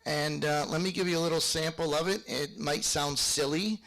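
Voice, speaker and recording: Gravelly man teaching square dance calling. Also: on the high side, steady tone, normal speed, fairly bright tone. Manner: chatty, explains with hums and called sample lines. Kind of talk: online workshop lesson with demonstrations.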